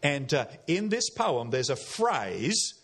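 A man's voice: medium pitch, sing-song, takes it slowly, a bit bright. An Australian man preaching a sermon in a church, folksy and conversational, with repeated phrases and questions to the congregation.

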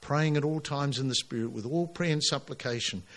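A man preaching a sermon to his congregation, emphatic and animated, pushing his voice up on key lines. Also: fairly high pitch, brisk. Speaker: pastor.

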